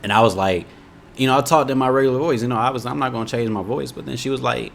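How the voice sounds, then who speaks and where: A man's voice: medium pitch, fast, vocal fry, a little hiss or hum. Laid-back young man with an Indiana accent. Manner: laid-back, rambling, often says "you know what I'm saying". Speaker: YouTuber reacting to a video. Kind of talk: casual storytelling and chat.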